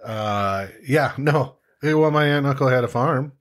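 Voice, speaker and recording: A man's voice: medium pitch, normal speed. A man co-hosting a casual podcast chat, rambling and trailing off as he tells stories. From Wisconsin. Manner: rambling, trails off, laughs easily. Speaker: podcast co-host.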